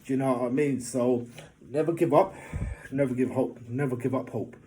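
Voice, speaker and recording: A man giving a casual motivational talk, rambling and often asking if the listener knows what he means, getting animated in funny stories. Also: mid-range voice, moderate pace, slight background noise. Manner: rambling, keeps asking "do you know what I mean". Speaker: motivational vlogger.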